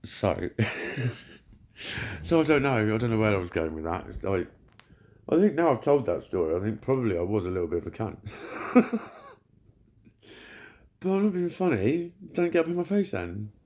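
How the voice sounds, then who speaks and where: A man's voice: lowish voice, big pitch swings, normal speed, pauses often, darkish tone. A man telling a story to camera in casual vlog talk, blunt and full of swearing, laughing often. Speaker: vlogger.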